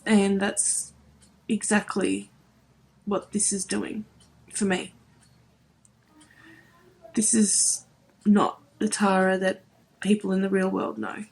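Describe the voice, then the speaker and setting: A woman's voice: mid-range voice, level tone, slow, gravelly, long pauses, darkish tone, slightly rough. Woman, thirties, home beauty vlogger, choked-up and heartfelt, repeats herself. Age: 30s. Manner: emotional, voice wavering near tears; earnest, repeats herself, many "like"s. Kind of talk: emotional vlog to camera.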